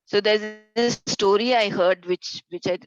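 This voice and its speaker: A woman's voice: medium pitch, fairly even intonation, a little slow, lo-fi sound. Woman, workshop facilitator, conversational storytelling, video call, dry sound, no room echo. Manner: conversational, with fillers and retold stories. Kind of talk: storytelling talk to volunteers.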